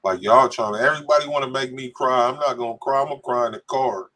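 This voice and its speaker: A man's voice: mid-range voice, fast, bright, forceful tone. A man co-hosting a casual podcast, reading viewer comments aloud and joking with a laugh. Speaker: podcast co-host reading live chat. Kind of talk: casual live-stream chat.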